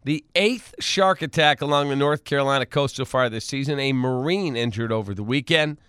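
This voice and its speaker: A man's voice: medium pitch, a little fast, fairly bright tone, clean tone, no room sound, studio quality. A man hosting a radio talk show, telling news stories in a wisecracking, casual way and laughing easily. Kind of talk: casual morning radio banter.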